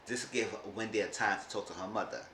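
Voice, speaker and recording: A man's voice: lowish voice, fast, bright, forceful tone. A man casually recapping a reality TV episode, rambling and often restarting his sentences. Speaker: show recap vlogger. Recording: roomy room with faint hiss.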